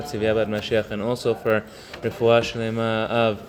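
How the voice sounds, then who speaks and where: A man giving an informal Torah lesson, talking conversationally, mixing in Hebrew terms and telling stories with halting fillers. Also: fairly low pitch, little pitch movement, a crowd in the background. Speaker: Torah class teacher. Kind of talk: informal religious lesson with storytelling.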